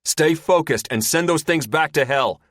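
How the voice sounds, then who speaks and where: A man's voice: a little high, animated, moderate pace, fairly bright tone, no echo, studio quality, pitched above the performer's own voice. A man voicing a brash, commanding male fighter pilot who barks orders and swears in an audiobook. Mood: fired up. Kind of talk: audiobook character voice.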